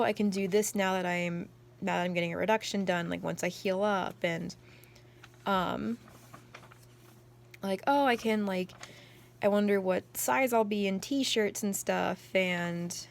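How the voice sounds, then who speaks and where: Young adult woman, casual vlog chat, mid pitch, excitable and rambly with constant filler words. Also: gravelly, slight background noise. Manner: excitable storyteller. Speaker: journal vlogger.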